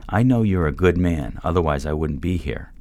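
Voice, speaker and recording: A man's voice: low voice, expressive, moderate pace, darkish tone. A man voicing an intense older mentor who pushes a younger man with drilling, pressing questions. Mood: pressing, forceful.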